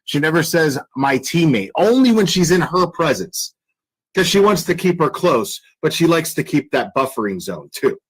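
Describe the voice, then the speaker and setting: A man's voice: on the high side, sing-song, moderate pace, slightly rough, poor audio. A man hosting a casual livestream commentary, talking bluntly and crudely with lots of fillers and restarts. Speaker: commentary channel host.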